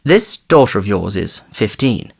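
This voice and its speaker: A man voicing a stern colonial commissioner who speaks calmly and curtly, with dry humour. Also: fairly low pitch, a little slow, gravelly, husky, full character voice. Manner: calm, curt, dryly humorous.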